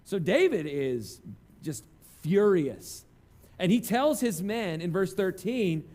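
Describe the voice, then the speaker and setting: A man's voice: high-pitched, sing-song, measured pace, a little mellow. A man preaching a conversational sermon, telling self-deprecating stories. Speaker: pastor.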